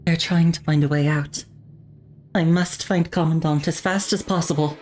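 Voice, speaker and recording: A woman voicing a calm, steady young female android soldier, reading the game's lines in a measured, earnest way. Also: low-pitched, soft background music, pitched above the performer's own voice, close to an everyday voice. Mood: urgent, concerned.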